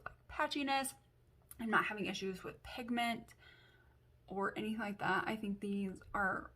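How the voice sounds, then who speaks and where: A young woman chatting through a makeup tutorial at a middle pitch. She rambles freely and fills her sentences with "like" and "um". She sounds casual and personal, as if talking straight to her viewers. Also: fairly bright tone. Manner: chatty, many fillers like "like" and "um". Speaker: beauty vlogger.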